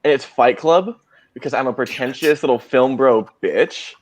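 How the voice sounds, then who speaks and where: A man's voice: medium pitch, moderate pace. A man chatting casually about a favorite film, enthusiastic and self-mocking. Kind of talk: casual chat. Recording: dull lo-fi audio.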